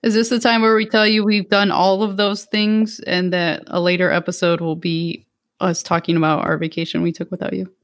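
A woman's voice: lowish voice, level tone, fairly quick. A woman of thirty co-hosting a casual podcast, wry and self-mocking. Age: 30s. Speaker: podcast co-host.

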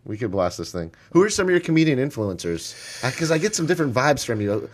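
A man hosting a casual interview, asking quick, upbeat questions. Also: mid-range voice, very animated. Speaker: interview host.

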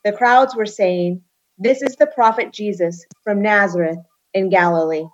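A woman's voice: mid-range voice, moderate pace. Woman reading bible passage on a podcast, mid voice, kinda muffled lo-fi audio. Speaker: podcast co-host reading scripture. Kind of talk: scripture reading. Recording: dull lo-fi sound.

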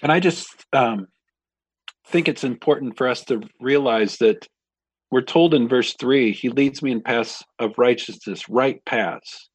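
A man, a pastor, talking through a Bible passage in a reflective, measured way with frequent pauses. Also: mid-range voice, slightly rough, no echo. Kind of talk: conversational Bible discussion.

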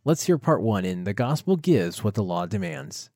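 A man's voice: lowish voice, very animated, normal speed, dry recording, clean studio sound. A man reading a scripted introduction for a radio sermon program. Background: soft music bed.

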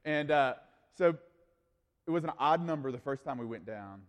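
A man, a youth pastor, telling a story in a sermon, animated and casual with lots of fillers. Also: medium pitch, normal speed, big-room sound.

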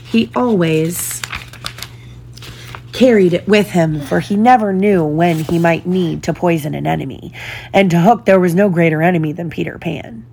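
A woman reading a children's storybook aloud in a slow, deliberate storytelling manner. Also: lowish voice, creaky, darkish tone, a little hiss or hum. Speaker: storybook reader.

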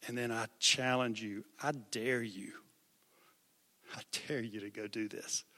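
Forceful preacher in a big hall. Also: male voice, mid-range voice, fairly even intonation, measured pace. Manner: impassioned, repeats phrases for emphasis. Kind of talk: sermon. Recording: long hall reverb.

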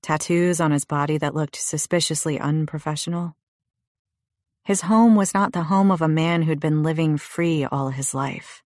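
A woman narrating a first-person audiobook in a measured, low and intimate way. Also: darkish tone, no room sound, studio quality.

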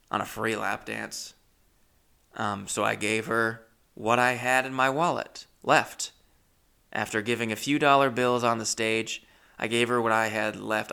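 A young man telling a comic story, animated, swinging from mutters to loud outbursts. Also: fairly low pitch, vocal fry, clean tone. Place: Los Angeles area.

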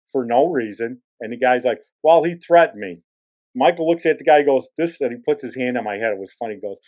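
Older guy telling an old story casual, acts out what everyone said, kinda muffled recording. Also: mid-range voice. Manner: animated, acts out others' lines. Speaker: podcast host.

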